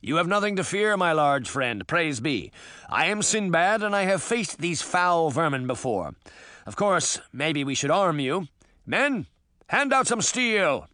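A man voicing a boastful swashbuckling sea captain in an audiobook, speaking in grandiose, booming proclamations. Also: lively intonation, measured pace, sharp tone, no echo, studio quality. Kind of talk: audiobook character voice.

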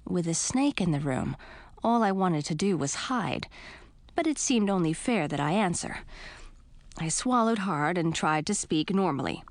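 A woman's voice: on the low side, lively intonation, a little slow, dry recording. A woman narrating a children's storybook expressively, speaking as a princess frog in first person. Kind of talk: storybook reading.

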